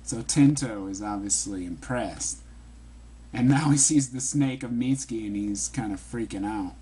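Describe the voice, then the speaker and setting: A man reading a manga chapter aloud and commenting on it in a casual, animated way. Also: on the low side, slightly rough. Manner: reads every character's lines himself in an animated voice, adds quick asides.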